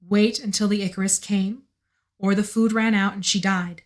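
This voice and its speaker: A woman with a slightly hoarse voice, reading a novel aloud on a live stream in an unhurried way, with chatty asides. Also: mid-range voice, steady tone.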